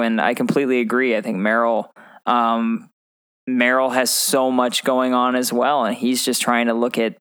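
A man co-hosting a podcast, talking through a film in a relaxed, thoughtful way and joking with his co-host. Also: medium pitch, clear, resonant tone. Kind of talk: casual movie discussion chat.

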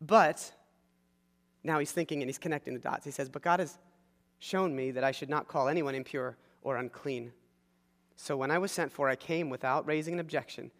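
A pastor delivers a sermon, animatedly retelling a story and doing the voices of its characters. His voice sits a little high, he talks at a normal pace, and the sound carries through a large hall.

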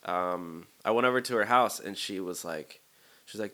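A man's voice: on the low side, moderate pace, sharp tone. A young man in his twenties hosting a casual solo podcast, rambling and self-deprecating with lots of fillers. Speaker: podcast host.

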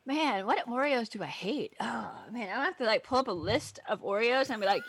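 Lively, high-voiced woman co-host. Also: fairly quick, husky. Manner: chatty and enthusiastic, laughs often. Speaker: podcast co-host. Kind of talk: casual chat. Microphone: camera in front of her face.

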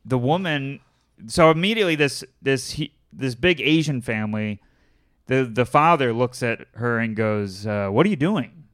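Man telling a story in casual chat, smooth voice. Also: mid-range voice, moderate pace. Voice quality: animated storyteller, acts out quotes in raised voices.

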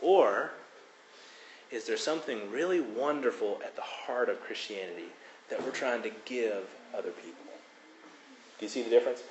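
Man preaching in an echoey room. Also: a little hiss or hum. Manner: expressive preaching, rising pitch for emphasis, quoting scripture dramatically. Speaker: pastor. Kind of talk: sermon.

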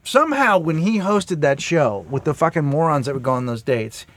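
Riffing male podcast co-host, a bit high. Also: expressive, moderate pace, a bit bright. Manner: laughing, riffing, slightly high for a man. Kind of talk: casual comedic chat.

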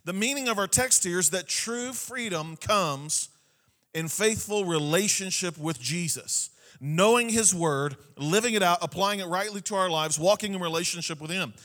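Pastor guy preaching, pretty high voice for a man, keeps repeating lines and asking amen. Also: normal speed, a bit bright. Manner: preaching with repeated phrases and frequent "Amen?" to the congregation. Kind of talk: sermon.

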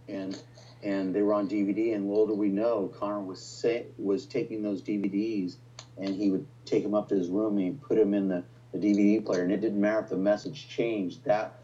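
Pastor, middle-aged man, low mellow voice, heartfelt halting testimony, dull lo-fi audio. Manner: emotional storytelling with many restarts. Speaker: pastor, guest. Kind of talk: personal testimony in conversation.

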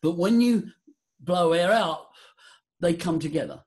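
A man talking as a voice coach guest in a podcast interview, leading a breathing exercise in a theatrical, animated way. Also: a little slow. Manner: animated, theatrical, jumps high for emphasis.

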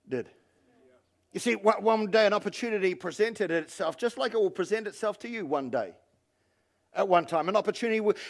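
A male pastor giving an animated sermon and calling on the congregation to respond. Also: high-pitched. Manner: animated preaching, calls on the congregation.

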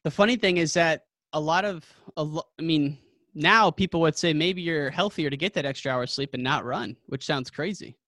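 A man's voice: fairly high pitch, moderate pace, a bit bright, dry recording. A man hosting a podcast, asking long, friendly, rambling questions in casual chat. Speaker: podcast host.

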